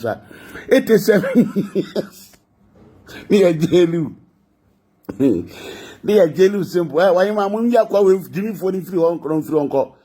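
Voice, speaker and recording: A man's voice: on the high side, a little mellow, breathy edge. A man with a Ghanaian accent giving mocking gossip commentary, laughing often between lines. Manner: laughing, mocking, mixing languages.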